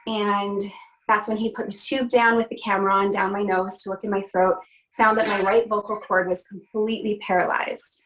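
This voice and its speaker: A woman's voice: medium pitch, flat delivery, normal speed, fairly bright tone, rough recording. Earnest woman telling her story. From Canada. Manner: earnest, heartfelt retelling with frequent "you know" and "um". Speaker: guest, country singer. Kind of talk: personal storytelling in an interview.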